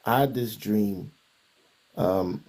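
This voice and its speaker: A man talks through a personal dream and what it taught him about marriage, pausing and restarting as he reflects. His voice is gravelly and husky, with a dark, mellow color. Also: on the low side. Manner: hesitant, reflective storytelling with restarts. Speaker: guest. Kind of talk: personal testimony in conversation.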